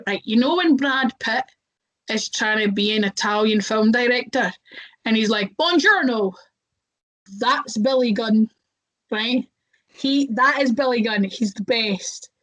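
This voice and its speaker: A woman's voice: a little high, measured pace, fairly bright tone, poor audio. A young woman, a wrestler, telling stories casually in an interview, chatty, with lots of fillers and voices acted out.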